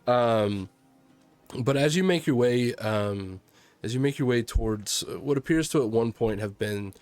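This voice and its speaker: A man running a tabletop game as game master, narrating slowly with many ums and restarts. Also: mid-range voice, darkish tone, soft background music.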